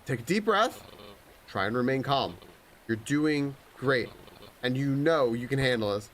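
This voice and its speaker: A man voicing a calm climbing partner in a video game, talking slowly and soothingly to talk someone through a hard climb. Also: medium pitch, slight background noise, poor audio. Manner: slow, soothing and steady.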